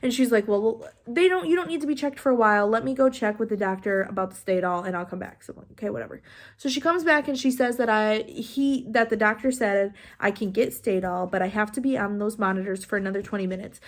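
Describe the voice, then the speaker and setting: A young woman vlogger telling a personal story in a casual, chatty way, animated and full of "like". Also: mid-range voice, quick pace. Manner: chatty, animated, heavy use of "like".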